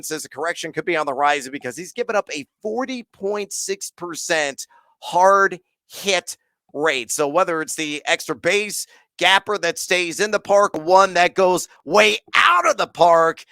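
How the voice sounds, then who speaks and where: Bright, energetic man reading betting picks. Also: high-pitched, normal speed, no echo. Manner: energetic, stat-heavy, many "uh" fillers. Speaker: podcast co-host. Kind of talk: sports betting picks monologue.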